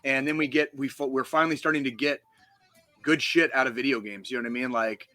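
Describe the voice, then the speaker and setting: Profane, heated podcast host, bright voice. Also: male voice, medium pitch, steady tone, fast, no echo. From United States. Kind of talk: casual podcast chat.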